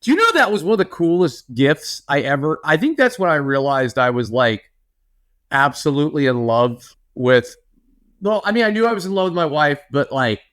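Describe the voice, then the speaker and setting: Young male podcast co-host, higher voice, lively playful casual chat. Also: moderate pace. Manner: animated, playful, lots of filler words.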